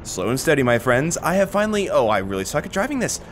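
A young man giving live commentary over his own gameplay, sarcastic and swearing, with sudden high-pitched bursts of panic. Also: sing-song, fast, faint music behind. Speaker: gaming commentator.

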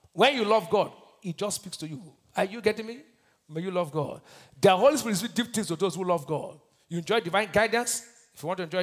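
A man with a Nigerian accent preaching a sermon as pastor, quizzing his congregation call-and-response style and swinging between loud declarations and hushed lines. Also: sits high.

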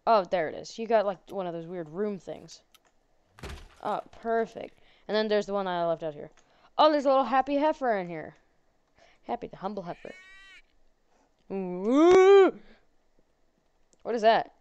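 A woman's voice: medium pitch, lively intonation, a little fast, darkish tone, clean tone, dry recording, dull audio. A woman playing a horror game and commenting on it, sarcastic and jokey, chatting to the characters on screen. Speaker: gaming channel host.

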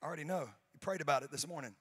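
A man preaching a sermon as pastor to his congregation, moving from quiet talk to loud, building preaching. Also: on the high side, racing, slightly rough. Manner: talks with members of the audience on stage. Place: church stage before a congregation.

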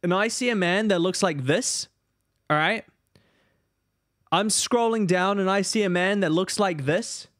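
A man streaming a game, rambling in animated casual commentary and talking to his chat. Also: sits high, measured pace, long pauses, dry recording, clean studio sound.

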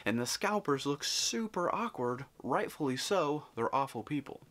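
A man vlogging, telling a story in an animated, chatty way and acting out the people in it. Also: a little high, moderate pace. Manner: animated, chatty, acts out quotes. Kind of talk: casual storytelling.

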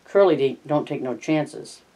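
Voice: medium pitch, a little slow, mellow. A reader voicing a worried, protective male ranch hand who talks bluntly and urgently in an audiobook reading.

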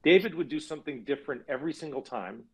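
Male actor, husky tone, chatty anecdotal delivery for a cast video chat. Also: a little high, expressive, fast talker, low-quality recording. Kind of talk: casual virtual cast chat.

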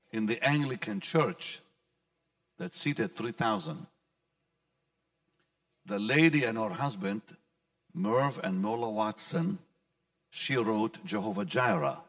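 A man's voice: mid-range voice, vocal fry, fairly bright tone, distant mic. A male pastor recounting his personal testimony in an interview, storytelling with frequent restarts and repeated words.

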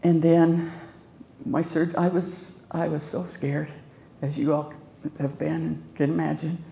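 Low-voiced woman telling her own story. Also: flat delivery, measured pace, creaky, dark tone, slight background noise. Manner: earnest, conversational, grateful. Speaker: organ transplant recipient telling her story. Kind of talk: personal storytelling to a live audience. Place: festival stage before an audience.

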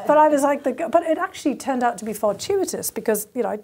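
A woman in her fifties from England, telling animated stories as an interview guest, laughing often and using many fillers. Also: sits high, fast talker. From County Durham, northern England. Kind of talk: conversational interview storytelling.

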